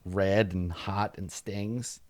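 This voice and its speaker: A man running a tabletop game as game master, narrating in a halting way with many fillers and restarts. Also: low voice, steady tone, no echo, clean studio sound.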